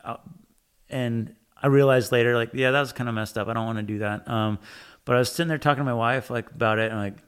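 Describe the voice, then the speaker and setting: Casual man, mid-pitch, storyteller type, swears freely, quotes himself a lot. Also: steady tone, fast talker, a bit bright, smooth. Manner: rambling, frequent fillers and profanity, acts out his own quotes. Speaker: tattoo machine builder, guest.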